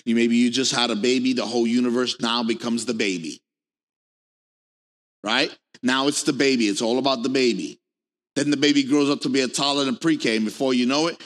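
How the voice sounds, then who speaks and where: A middle-aged man preaching a sermon to a congregation, animated and playful, acting out quoted people in a raised voice. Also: medium pitch. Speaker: pastor. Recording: long hall reverb.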